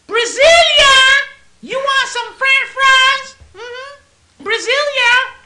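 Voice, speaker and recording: A man doing a shrieking falsetto woman. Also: reverberant, heavy background noise, heavily acted. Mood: shrill calling. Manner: shrieking falsetto, drawn-out calls. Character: loud shrill heavy woman on a bus.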